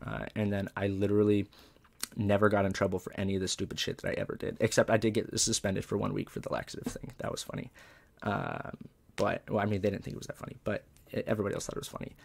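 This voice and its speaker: A man from Southern California spins a comedic story in a laid-back, profane way, with "like" and "dude" in nearly every sentence. His voice sits a bit low and has a gravelly, fried edge. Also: little pitch movement, fast talker. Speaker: comedian guest.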